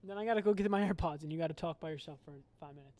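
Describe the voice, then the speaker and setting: Quick-talking young man with short teasing replies. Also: fairly high pitch, darkish tone, dry recording. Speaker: podcast producer. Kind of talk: casual podcast banter. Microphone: headphones and microphone.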